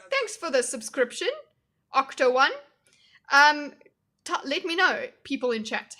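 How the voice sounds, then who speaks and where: A woman's voice: high voice, pushed and bright. A young woman streaming reaction commentary, talking casually to her chat with blunt, mocking asides.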